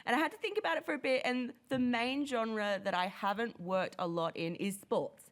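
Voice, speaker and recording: An Australian voice actress on a live panel, chatty and self-deprecating. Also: female voice, on the high side, normal speed. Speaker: voice actor. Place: convention panel room.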